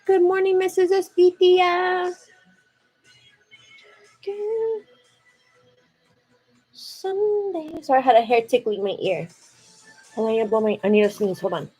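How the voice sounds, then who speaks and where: Speaking slowly with long pauses, a young beauty host with an extremely high voice chats to viewers during a relaxed makeup livestream at home. She keeps calling them "girl" and says "like" a lot, over soft background music in a rough recording.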